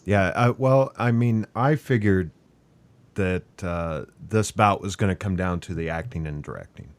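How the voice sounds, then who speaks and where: A man with a very low, deep voice moderates a casual movie podcast, easygoing and loose. He moves things along, tallying votes and reading out trivia. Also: unhurried, no room sound. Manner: easygoing, runs the votes, reads out fun facts. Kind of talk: casual film discussion.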